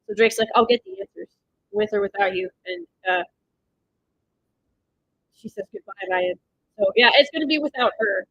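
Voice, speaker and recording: A woman streaming a watch party, blurting excited reactions, swearing, and recapping the plot in loose, rambling sentences. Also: sits high, no echo, highs cut off. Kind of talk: live watch-party commentary.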